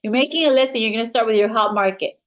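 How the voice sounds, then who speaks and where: A woman mentor giving a training talk to a live group of new recruits, upbeat and direct, who now and then acts out quick quoted voices. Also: on the high side.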